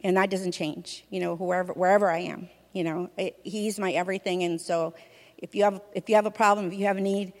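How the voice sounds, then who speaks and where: A woman from a church sharing her testimony in a conversational, expressive way, often saying "you know". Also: fairly low pitch, fairly quick. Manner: fills speech with "you know", vivid and expressive. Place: church hall. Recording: reverberant hall.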